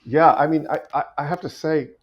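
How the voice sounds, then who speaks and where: A man's voice: fairly high pitch, steady tone, brisk. Thoughtful middle-aged man on a dull line. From United States. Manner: thoughtful, many restarts and repeated words. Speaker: guest actor. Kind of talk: podcast interview conversation. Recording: dull lo-fi audio.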